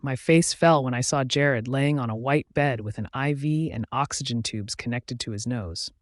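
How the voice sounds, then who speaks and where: A man's voice: medium pitch, moderate pace, dry recording. Man reading a dramatic werewolf story. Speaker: narrator. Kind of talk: scripted narration of a first-person werewolf story.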